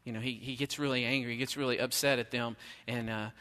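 Middle-aged male pastor, bright forceful tone, casual sermon delivery, long hall reverb. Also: medium pitch, steady tone, fast. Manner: conversational preaching, emphatic rhetorical questions.

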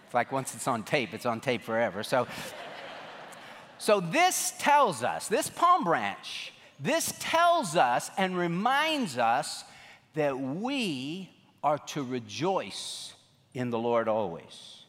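A man preaching a sermon as pastor, telling the story in an animated way from a church sanctuary. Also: medium pitch, slow. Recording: long reverb of a large room.

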